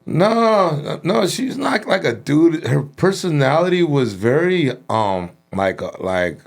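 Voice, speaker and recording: A man from Los Angeles hosting a podcast, telling animated, profane stories in casual chat. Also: a little high, slow pace, creaky, hardly any pauses, faint music behind. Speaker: podcast host.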